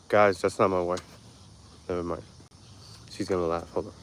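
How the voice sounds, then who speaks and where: A man's voice: sits low, little pitch movement, normal speed, slight background noise. A man hosting a casual walk-and-talk live stream on an outdoor park path, chatting laid-back with viewers through a handheld phone.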